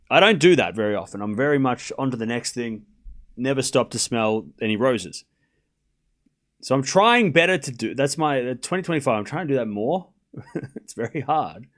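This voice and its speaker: A man's voice: medium pitch, fairly bright tone. A man with an Australian accent hosting a live stream, giving casual commentary and chatting with viewers in a rambling, self-deprecating way, swearing now and then.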